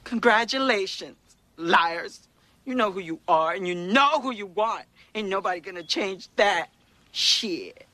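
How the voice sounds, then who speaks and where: Defiant young gay man, sassy and cutting, bright edge, dry film clip. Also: high voice, animated, measured pace, no echo, heavily acted. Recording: film clip played from afar.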